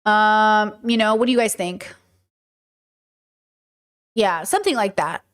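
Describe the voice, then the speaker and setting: A woman's voice: medium pitch, slow pace. A woman hosting a casual chat stream, talking in an emphatic way with lots of fillers. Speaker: streamer and host.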